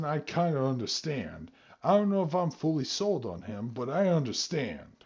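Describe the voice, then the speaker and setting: A podcast host with a husky voice, chatting casually and swearing freely. His pitch swings widely as he talks. The sound is dull and lo-fi. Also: big pitch swings, a little slow. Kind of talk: casual chat.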